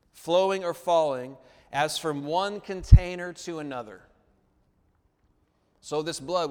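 A man preaching a sermon as the pastor, calling for amens and asking the congregation to repeat after him. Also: on the high side. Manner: call-and-response preaching, asks for amens. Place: church sanctuary. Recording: long reverb of a large church hall.

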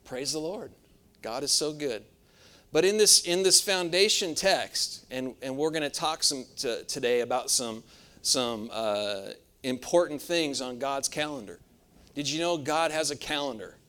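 A man's voice: medium pitch, a little slow, fairly bright tone, clear, resonant tone. A man preaching a sermon, telling a personal anecdote in a folksy way, often asking for an amen. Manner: folksy storytelling with frequent laughs and calls of amen. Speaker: pastor.

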